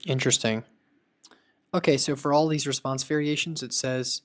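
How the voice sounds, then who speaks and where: A man talks through a tech tutorial in a relaxed, conversational way, thinking aloud as he works through each fix. His voice sits at an ordinary middle pitch, and he sounds upbeat and easygoing as he narrates his screen. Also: moderate pace. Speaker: tech video creator building voice agents. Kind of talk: casual screen-recorded tutorial.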